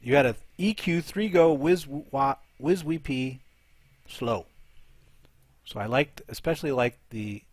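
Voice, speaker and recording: A man's voice: mid-range voice, a little slow, dry recording. A man hosting a live show, commentating game attack replays and thinking aloud as he looks for each one.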